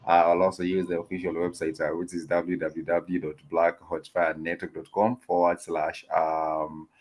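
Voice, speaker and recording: A male host in casual chat, easygoing and halting as he wraps up the show. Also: sits low, little pitch movement, darkish tone.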